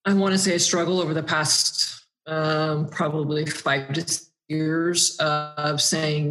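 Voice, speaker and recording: A woman's voice: low voice, level tone, measured pace, a bit bright. A woman guest on an interview podcast, talking earnestly and reflectively about her own experiences.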